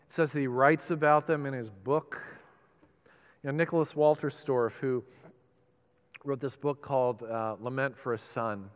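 A man preaching a sermon as a pastor, swinging between loud, emphatic bursts and soft, slow lines. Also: medium pitch, smooth. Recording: long hall reverb.

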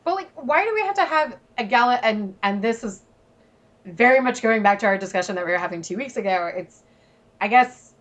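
A woman's voice: a little high, lively intonation, fairly quick. A woman chatting with friends, sarcastic and teasing, swearing freely. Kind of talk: casual chat.

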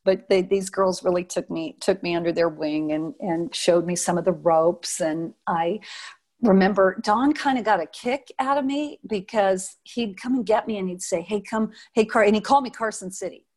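An older woman from Nevada, a former showgirl dancer, reminiscing in an interview. She is a lively storyteller who acts out quotes and often restarts her sentences. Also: medium pitch, normal speed.

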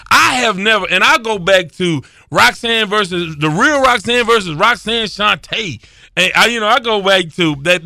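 A middle-aged man hosts a casual sports podcast in a bright, ringing voice, recorded dry and close. He talks in an animated, self-deprecating way and laughs often. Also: high voice, vocal fry, no room sound. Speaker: podcast host.

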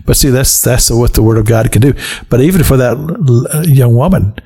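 A man's voice: medium pitch, a little fast, dark tone, slightly rough. A man hosting a radio program, responding to his guest in a casual, encouraging way. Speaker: radio host. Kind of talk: casual chat. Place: radio studio.

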